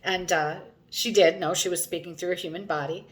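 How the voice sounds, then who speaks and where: A woman who guides hypnosis sessions, recounting one in a conversational, gently explanatory way. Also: lowish voice, fairly even intonation, a little fast.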